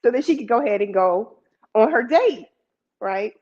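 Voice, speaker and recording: Woman storyteller, chatty and lively, highish voice, muffled lo-fi sound. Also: moderate pace. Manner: lively, conversational, with laughs and asides. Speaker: storyteller and emcee. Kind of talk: live storytelling.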